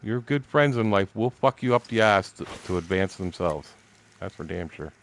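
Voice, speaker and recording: A man's voice: low voice, expressive, normal speed, creaky, a little hiss or hum. A man in his sixties telling stories casually while streaming a game. He is blunt, swears constantly and laughs between remarks. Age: 60s. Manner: blunt, heavily profane. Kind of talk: casual rambling storytelling.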